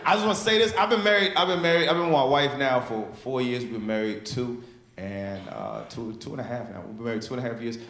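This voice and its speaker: A man's voice: medium pitch, fast. A man in his thirties doing a stand-up set, telling profane stories with lots of energy. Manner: profane, animated storytelling. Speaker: stand-up comedian. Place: comedy club stage. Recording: echoey club with loud crowd noise.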